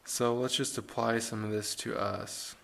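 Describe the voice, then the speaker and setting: A man's voice: mid-range voice, fairly even intonation, a little slow, creaky, fairly bright tone. A man preaching a sermon in an earnest, conversational way, with rhetorical questions and frequent restarts.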